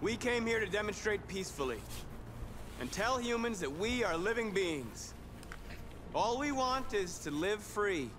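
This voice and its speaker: An actor playing a calm android leader speaking to a crowd in a video game. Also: male voice, high-pitched, measured pace, noisy background. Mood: resolute. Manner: calm, resolute speech. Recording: game audio with music.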